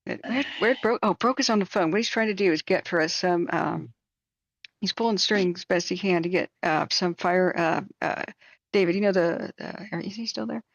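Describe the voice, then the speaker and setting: A woman's voice: fairly low pitch, moderate pace, vocal fry, dry recording, muffled recording. A woman hosting a live stream, chatting casually and telling rambling anecdotes with plenty of fillers. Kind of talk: casual chat and storytelling.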